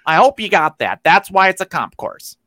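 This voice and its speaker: A man's voice: high voice, sing-song, normal speed, pushed and bright, dry recording, pitched above the performer's own voice, exaggerated voice. A man putting on a nerdy, know-it-all male podcaster voice, explaining things condescendingly. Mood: smug. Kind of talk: comic impression in podcast chat.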